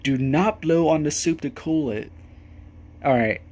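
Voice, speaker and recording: A man's voice: on the high side, measured pace, a little mellow. A young man reading out etiquette rules and mocking them with profane, rambling commentary. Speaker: video host.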